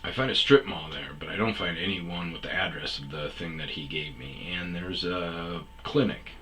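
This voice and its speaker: A man's voice: sits low, moderate pace, sharp tone, slight background noise, low-quality recording. A man telling a long personal story in a rambling, casual way, full of fillers and quoted back-and-forth. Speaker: podcast host telling stories.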